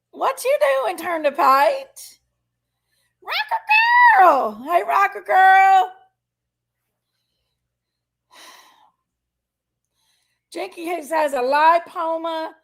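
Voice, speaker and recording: Lady livestreaming, high voice with gravel in it, calls everybody honey and y'all. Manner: chatty, greets viewers by name, says honey and y'all; emotional, open about personal struggles. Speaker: livestream host. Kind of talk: casual chat with live viewers.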